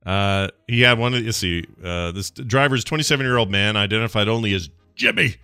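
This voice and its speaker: A man's voice: lowish voice, lively intonation, brisk, vocal fry, sharp tone, smooth, dry recording. A man hosting a podcast, reading news stories aloud with joking asides in casual chat. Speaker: podcast host.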